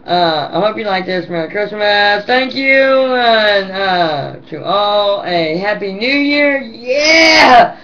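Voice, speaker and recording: A hoarse woman recording a rambling, affectionate and teasing home video message to her children. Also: medium pitch, animated, slow pace, fairly bright tone, dull audio, slight background noise. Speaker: mother addressing her children.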